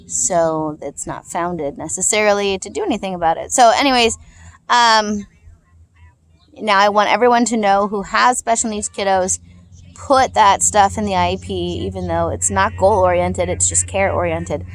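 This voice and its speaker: A woman's voice: medium pitch, moderate pace. A woman talking in a loose, rambling, heartfelt way, chatting casually in a vlog. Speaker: parent vlogger.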